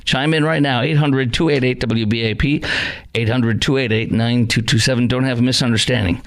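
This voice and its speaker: A man's voice: mid-range voice, fairly even intonation, fairly quick. A man hosting a talk radio show, arguing with emphatic rhetorical questions into a studio microphone.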